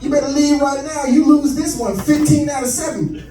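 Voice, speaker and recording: A man's voice: extremely high pitch, normal speed, warm tone, faint music behind, pitched above the performer's own voice. A man voicing his tipsy, blunt, foul-mouthed father with a drawl, heard in an echoey club from a distance. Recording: echoey club, far mic, crowd noise.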